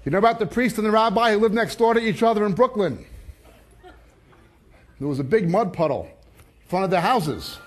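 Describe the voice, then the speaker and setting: A man with a notably high voice giving a sermon. He tells jokes in a lively, storytelling way, then turns to reading scripture verse by verse. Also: fairly quick, pauses often. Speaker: Bible teacher.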